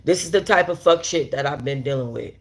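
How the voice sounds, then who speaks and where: A woman's voice: low voice, a little fast. A woman tells a story live to her viewers, blunt and exasperated, with swearing throughout. She keeps breaking off to talk straight to the audience and to respond to the chat as it comes in. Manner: talks straight to viewers with many asides. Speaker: host of a storytime livestream. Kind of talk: casual storytelling while reading live chat.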